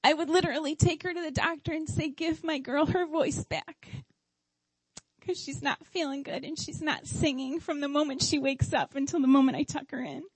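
A woman's voice: high-pitched, fairly even intonation, fairly quick, few pauses, no room sound, low-quality recording. A middle-aged woman giving a heartfelt sermon at a church service. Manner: heartfelt, tearful at times.

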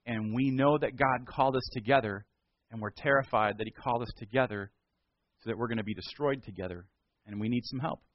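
A man's voice: mid-range voice, fairly quick, no room sound, muffled recording. A male pastor retelling a Bible story in a casual, conversational sermon.

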